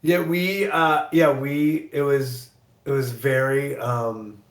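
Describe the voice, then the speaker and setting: A man from the American Midwest telling a rambling, self-deprecating story in casual chat, getting animated when he quotes himself. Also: mid-range voice, takes it slowly, reverberant. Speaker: guest actor.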